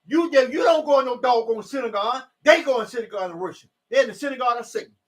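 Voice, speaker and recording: High-voiced man preaching with emphatic shouts. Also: fast. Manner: emphatic, rising to shouts on scripture verses; loose, repetitive street-preacher talk. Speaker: self-styled preacher. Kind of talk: informal scripture preaching.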